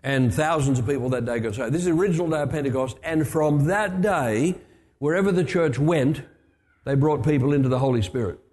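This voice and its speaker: A man's voice: fairly high pitch, a little fast, a little mellow. An older man preaching a storytelling sermon, chatty, with asides and restarts. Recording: long hall reverb.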